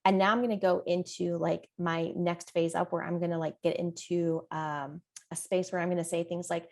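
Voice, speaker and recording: A woman's voice: lowish voice, flat delivery, normal speed, few pauses. A woman, a parent coach, leading a coaching discussion with questions and role-play over a video call.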